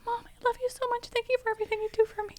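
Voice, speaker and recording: A woman voicing her nervous, eager pet dog in a squeaky, breathy voice, talking jittery and doting to its owner. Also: flat delivery, very fast, no room sound. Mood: anxious, adoring.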